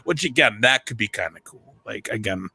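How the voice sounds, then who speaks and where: A man's voice: on the low side, expressive, normal speed, gravelly, bright, forceful tone, breathy edge. A man co-hosting a podcast, chatting casually and loosely, swearing now and then. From half Mexican. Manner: laid-back, swears casually, laughs often. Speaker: podcast co-host. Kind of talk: casual chat.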